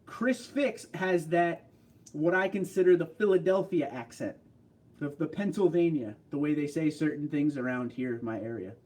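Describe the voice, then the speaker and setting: A man's voice: on the high side, moderate pace, a little mellow. A man from New York with a New York accent, hosting a casual livestream and chatting and joking as he reads viewer comments aloud. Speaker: livestream host.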